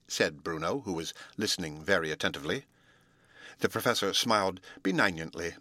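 A man reading a storybook aloud, narrating in a steady, even way between the voiced lines. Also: sits low, fairly quick, no echo. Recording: dry close recording.

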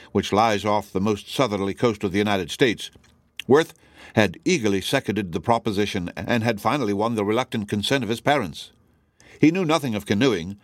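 A man narrating an audiobook story in a steady, measured reading. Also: on the low side, no echo, clean studio sound. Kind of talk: scripted narration.

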